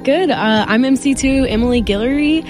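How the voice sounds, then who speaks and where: Upbeat woman DJ from Texas. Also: normal speed. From Texas, USA. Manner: upbeat, high energy. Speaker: new radio DJ. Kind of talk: casual on-air radio chat. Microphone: studio microphone. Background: music under the talk.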